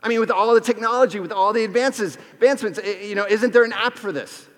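High-voiced man preaching in an echoing hall. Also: quick pace. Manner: energetic, conversational, acts out quotes. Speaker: pastor. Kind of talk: sermon.

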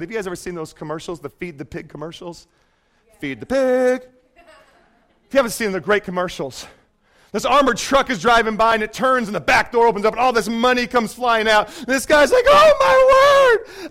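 A man preaching a fervent sermon as pastor in a church, moving from quiet asides to shouted commands. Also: sits high.

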